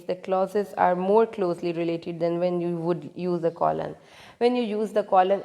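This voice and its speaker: A woman with a fairly low, dark voice gives an English grammar lecture. She halts, restarts her sentences and asks her students questions. Her voice trails off in a long hall reverb. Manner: halting, with many restarts and repeated questions to students. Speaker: English teacher.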